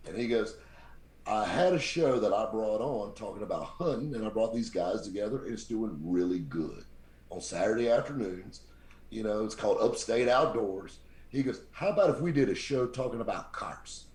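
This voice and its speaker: A man with a very deep voice, telling lively stories as a podcast guest and acting out the people he quotes. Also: moderate pace. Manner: animated anecdote-teller, acts out quoted people. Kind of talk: casual storytelling. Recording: roomy echo.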